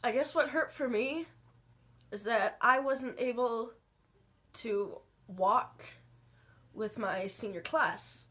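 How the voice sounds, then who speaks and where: A young woman talking to her camera in her bedroom, telling an emotional story slowly and haltingly while fighting back tears. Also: a little high, a bit bright. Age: young adult. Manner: halting, slow, many pauses and fillers. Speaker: vlogger.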